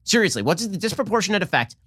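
A man hosting a political podcast, delivering a fast, sarcastic opinion monologue and mocking his opponents. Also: high-pitched, big pitch swings, fairly bright tone, slightly rough, no echo, clean studio sound. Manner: sarcastic, mocks opponents in put-on voices.

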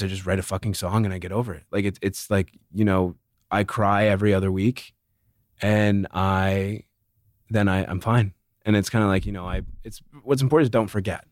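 A man's voice: on the low side, dry recording, clean studio sound. A young man in his twenties speaking candidly as a podcast guest, frank and swearing freely. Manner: frank, swears freely, animated when joking.

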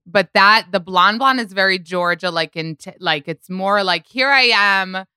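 A woman's voice: lowish voice, moderate pace, pushed and bright, clean tone, no room sound, studio quality. A young woman hosting a podcast, chatting in a gossipy way with many "like"s. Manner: gossipy, uses "like" a lot. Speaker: podcast host. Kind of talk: casual interview chat.

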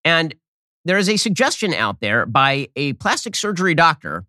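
A man hosting a political commentary show, talking in a fast, sardonic opinion monologue with quick restarts, on a close studio mic. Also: fairly high pitch, big pitch swings, bright, forceful tone, no room sound.

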